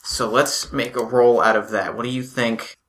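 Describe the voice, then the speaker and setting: A man runs a tabletop role-playing game as game master. His voice is bright and forward, and he narrates in a loose, playful way, often slipping into quick voices for the other characters. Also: mid-range voice, fairly even intonation, a little hiss or hum.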